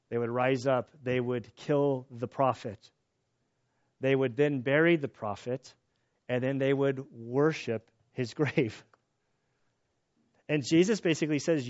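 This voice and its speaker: Earnest preacher, breathless and lo-fi. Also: male voice, mid-range voice, darkish tone. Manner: earnest, candid, restarts often, voice rises when emphatic. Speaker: pastor teaching through scripture. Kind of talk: expository sermon. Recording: dull lo-fi sound.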